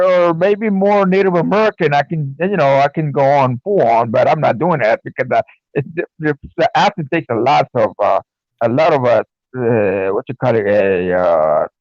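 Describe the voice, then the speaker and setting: A man co-hosting a home stream in casual chat, rambling and halting with many fillers. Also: mid-range voice, lively intonation, darkish tone, dry recording. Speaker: stream co-host. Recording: dull lo-fi stream mic.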